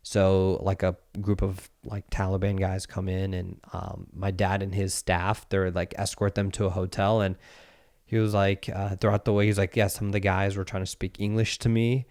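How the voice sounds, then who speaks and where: A man's voice: fairly low pitch, normal speed, no room sound, studio quality. A man in his thirties in casual podcast chat, telling a story animatedly and acting out the voices of the people in it.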